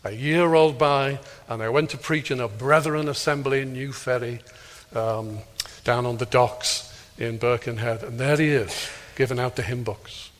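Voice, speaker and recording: A middle-aged man telling a humorous story at a conference, acting out the dialogue in a lively anecdotal way. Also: medium pitch, moderate pace. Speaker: speaker at a prayer conference. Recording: long reverb of a large hall.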